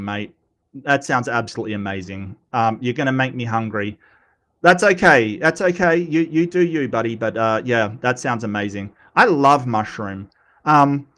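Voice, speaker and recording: A man hosting a casual livestream, animated and self-mocking, often stumbling over his words. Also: mid-range voice. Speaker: host.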